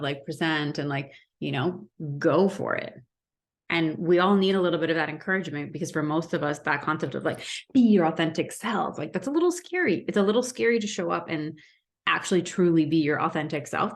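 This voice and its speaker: A woman in her thirties giving candid business coaching advice to camera, animated and asking rhetorical questions. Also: on the low side, creaky.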